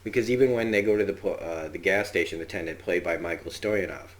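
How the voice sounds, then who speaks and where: Low-voiced rambling man reviewing TV. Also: fast talker. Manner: rambling, chatty, with frequent fillers and acted-out quotes. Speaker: TV review podcast host. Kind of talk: casual spoken episode review.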